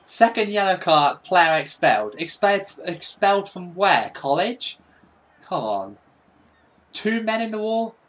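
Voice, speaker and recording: A man giving casual, excitable, sweary commentary over his own football gameplay. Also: high-pitched, unhurried. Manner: excitable, sweary, mock-patriotic. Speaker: gaming YouTuber.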